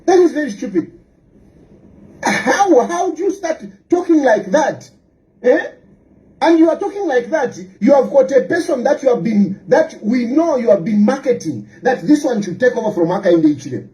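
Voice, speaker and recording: A woman's voice: high voice, sing-song, moderate pace, warm tone, breathy edge. A woman delivering heated political commentary, firing off scornful rhetorical questions. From Zambia.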